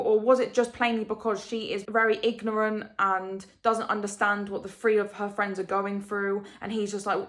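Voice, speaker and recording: A young woman talks straight to her camera at home, reacting to a book she just finished. She rambles, circles back, and tosses out rhetorical questions, her voice sitting at an ordinary middle pitch and catching with feeling. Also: flat delivery, moderate pace, hardly any pauses. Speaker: book vlogger. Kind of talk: casual rambling book review.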